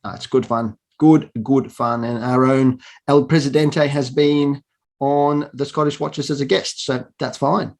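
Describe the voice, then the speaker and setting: A man's voice: medium pitch, steady tone, measured pace, darkish tone. Brief: male awards host, playful and self-mocking, dry wit, remote video setup. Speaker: awards presenter. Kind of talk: tongue-in-cheek awards hosting.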